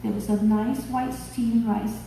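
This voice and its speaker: A woman in her fifties from Japan, speaking English with a Japanese accent, telling a personal story at a conference in a slow, heartfelt, expressive way. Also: on the high side, gravelly, slight background noise. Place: conference hall. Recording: echoey hall, mic at a distance.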